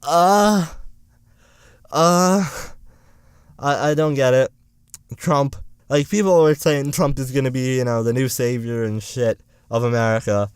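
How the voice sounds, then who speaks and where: This young political vlogger speaks a little slowly and pauses often as he delivers a profane, sarcastic political ramble. His voice is smooth, clear, and mid-pitched, and the close recording is dry, with no surrounding room sound.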